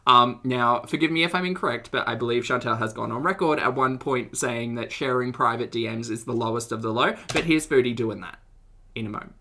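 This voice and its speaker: A woman's voice: very deep voice, fairly quick, pushed and bright, a little hiss or hum. A young woman talking casually to her live-stream chat, giggling often and trailing off into restarts. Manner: addresses her chat directly. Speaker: streamer reacting to videos.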